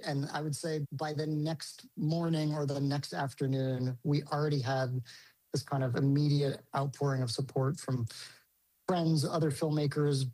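A male filmmaker answers an interviewer in a thoughtful, halting way, with frequent restarts. His tone is dark and mellow. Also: on the high side, low-quality recording. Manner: thoughtful, hesitant, many restarts and fillers. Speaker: film director interviewed.

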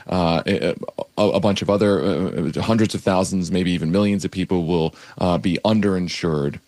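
Deep-voiced guy guest, explaining stuff, dry close sound. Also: moderate pace, darkish tone, dry recording. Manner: explanatory, with fillers. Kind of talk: interview answers.

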